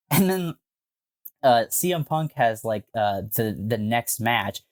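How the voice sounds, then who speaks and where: A man co-hosting a podcast, telling a story in a casual, animated way with frequent swearing and filler words. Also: mid-range voice, slow. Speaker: podcast co-host.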